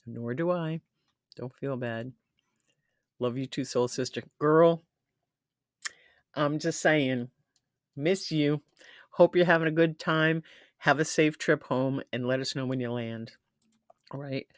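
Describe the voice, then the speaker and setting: A woman's voice: a bass voice, slow, long pauses, no room sound, clean studio sound. A woman hosting a casual live stream who chats freely, laughs often and reads comments from the chat aloud. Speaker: livestream host.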